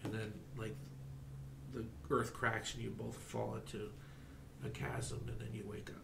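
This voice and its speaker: A man narrates a tabletop game as game master, halting and full of fillers. He speaks slowly, with a gravelly edge. The room echoes, and there is a faint hiss. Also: fairly low pitch, completely flat delivery.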